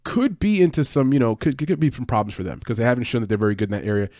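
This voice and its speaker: A man talks quickly and casually as he breaks down fight picks, full of fillers and quick self-corrections. The sound is dry and close, with no room around him. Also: medium pitch, animated, darkish tone, dry recording. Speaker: MMA betting podcast host. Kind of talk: casual fight-pick analysis.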